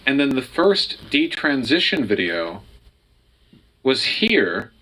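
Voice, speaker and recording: A man's voice: medium pitch, big pitch swings, slow pace, pushed and bright, rough recording. A man co-hosting a casual reaction commentary, sarcastic and incredulous. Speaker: co-host reacting to videos.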